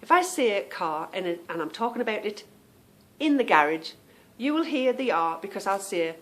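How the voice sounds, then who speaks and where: A woman's voice: medium pitch, big pitch swings, normal speed, a bit bright. A woman hosting a podcast, talking casually in a chatty, self-amused way and explaining things with plenty of fillers. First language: English. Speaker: podcast host. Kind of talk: casual monologue.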